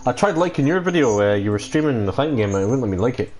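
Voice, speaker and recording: A man streaming a video game, giving casual commentary, excitable and sweary, breaking into loud laughs and whoops. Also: mid-range voice, rapid-fire, crowd noise, low-quality recording. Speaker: gaming streamer.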